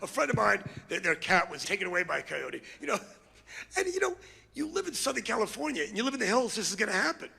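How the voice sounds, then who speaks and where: A middle-aged man doing a brash, crude, ranting stand-up comedy routine on stage, with loud outbursts. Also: high voice, sing-song, quick pace, gravelly, breathy edge. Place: comedy stage before a live audience.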